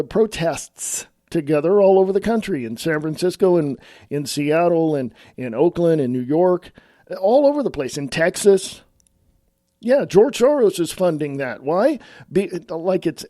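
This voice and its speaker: A middle-aged man from California speaks bluntly and with strong opinions, talking straight to his viewers. His voice sits slightly high and sounds mellow and relaxed. The recording is dry and close. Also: dry recording. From California, USA. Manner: blunt, opinionated, addresses listeners as folks. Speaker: online commentator. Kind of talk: casual political rant to camera.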